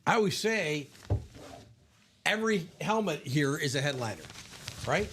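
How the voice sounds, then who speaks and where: A man's voice: a little high, lively intonation, a little slow, a bit bright, a little hiss or hum. A middle-aged man hosting a live card-break stream, chatting casually and upbeat and laughing often.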